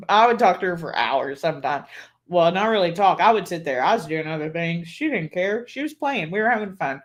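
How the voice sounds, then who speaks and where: A woman hosting a live stream, chatting casually and telling rambling stories between laughs. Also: lowish voice. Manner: rambling, chatty storyteller who laughs often. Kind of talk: casual chat.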